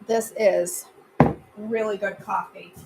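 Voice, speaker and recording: A woman's voice: medium pitch, fairly even intonation, takes it slowly, very noisy. A woman hosting a live cooking class from her home kitchen, chatting casually and answering viewer comments as she cooks.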